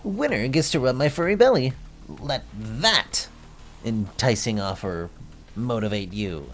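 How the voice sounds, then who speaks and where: A man's voice: medium pitch, expressive, a little slow, a bit bright, faint music behind, voice pushed up. A man voicing a fussy male dog teacher in a video game, speaking in a prim, scolding way. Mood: boastful.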